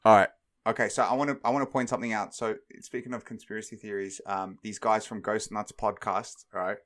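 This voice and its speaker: A man's voice: fairly low pitch, steady tone, brisk, fairly bright tone. A young man co-hosting a podcast, playing along with mock-sincere questions and frequent laughter. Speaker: podcast co-host. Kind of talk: comedic podcast banter.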